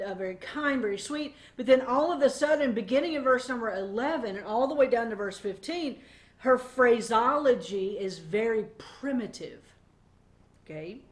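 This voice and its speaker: Animated woman giving a Bible devotion. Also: on the high side. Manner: animated, conversational, frequent fillers. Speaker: devotional teacher.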